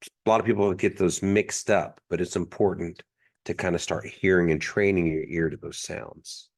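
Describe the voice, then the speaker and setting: A man's voice: low-pitched, fairly even intonation, normal speed. A man teaching a language class, patiently repeating each sound three times in a pronunciation drill.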